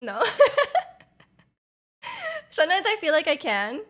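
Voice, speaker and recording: A woman's voice: high-pitched, very animated, takes it slowly, pushed and bright. A young woman livestreamer in casual chat with her viewers, rambling with lots of fillers and giggles.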